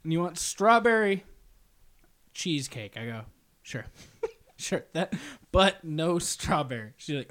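Speaking slowly and pausing often, a man with a fairly high, bright, sing-song voice co-hosts a casual podcast. He recounts a funny story, laughing and performing both parts of the conversation.

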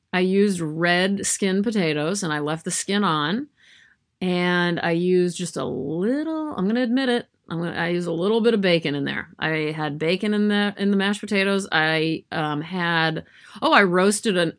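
A woman's voice: lowish voice, fairly bright tone. A woman chatting casually to camera from her yarn room at home, rambling and self-deprecating with lots of fillers. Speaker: vlogger.

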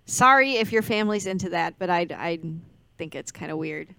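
A woman's voice: lowish voice, lively intonation, moderate pace, vocal fry, pushed and bright. A young woman co-hosting a podcast, chatting casually about a movie in a dramatic, joking way and laughing often. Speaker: podcast co-host. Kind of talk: casual chat recapping a movie.

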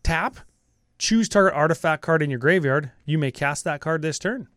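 A man co-hosting a casual card-game chat, reading rules text quickly with upbeat asides. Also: fairly high pitch, lively intonation, a bit bright, no echo.

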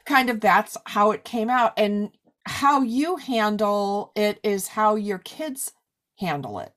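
A woman's voice: mid-range voice, slow, a bit bright. A woman in her forties in a casual conversation, talking loosely with lots of "like" and "you know". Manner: chatty, many fillers like "like" and "you know". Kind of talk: casual chat.

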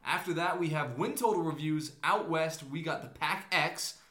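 An upbeat man co-hosting a casual sports podcast, his voice bright and forceful. He talks with energy and explains things at length. The room has a noticeable echo. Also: a little high, moderate pace. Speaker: podcast co-host.

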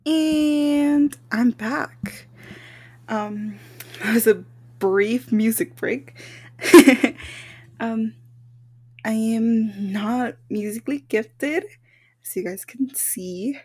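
A woman's voice: a little high, very slow, long pauses, a little mellow, husky. A young woman hosting a casual solo podcast, nervous, self-conscious and apologetic, recording at home. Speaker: podcast host. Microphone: home microphone.

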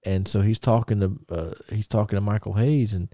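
Brief: man, podcast host, warm low voice, rambling excited storyteller. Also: brisk, no room sound, studio quality. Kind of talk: casual chat.

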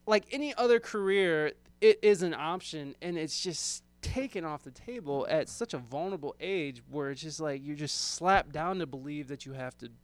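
A man with a smooth, slightly high voice, hosting a casual chat. He talks in animated bursts, swearing freely and piling up "like" fillers. He comes from the American Midwest. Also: normal speed, hardly any pauses, no room sound. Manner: animated, profane, full of "like" fillers.

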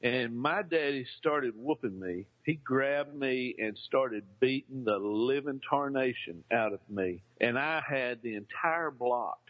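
A man's voice: mid-range voice, lively intonation, unhurried, hardly any pauses, dull audio. A man telling a funny childhood story in a loose, rambling way, with plenty of fillers and restarts. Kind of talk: casual comic storytelling.

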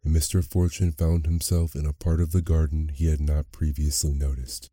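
A man narrating a bedtime story in a soft, unhurried way. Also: extremely low pitch, little pitch movement, no echo, studio quality. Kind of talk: slow bedtime story reading.

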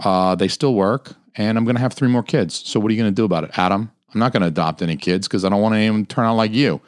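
A low-voiced man hosts a solo podcast, ranting in a rambling, foul-mouthed way. His voice sits close and dry on a studio mic with no room sound. He swears constantly and drifts crudely from one gripe to the next. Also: dry recording. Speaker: podcast host.

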